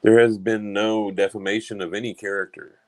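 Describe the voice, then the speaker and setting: A man's voice: fairly low pitch, level tone, moderate pace, darkish tone. A man co-hosting a casual live stream, talking bluntly and dismissively, with some swearing. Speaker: co-host.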